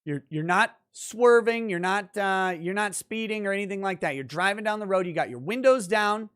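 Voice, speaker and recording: A male lawyer in a casual commentary video, talking through a court decision in a conversational, emphatic way. His voice sits a little higher than most men's, and he stops now and then to think aloud over the text. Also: normal speed, fairly bright tone, smooth. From central Minnesota, United States. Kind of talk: legal commentary.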